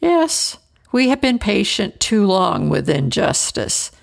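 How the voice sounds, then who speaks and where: A woman's voice: medium pitch, very animated, takes it slowly, vocal fry, exaggerated voice. A woman voicing a male colonial patriot in a story reading, speaking earnestly and persuasively. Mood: urging.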